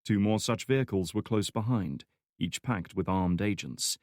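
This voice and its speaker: A man narrating a thriller audiobook in a measured, scripted storytelling style. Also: low voice, darkish tone, dry recording, clean studio sound.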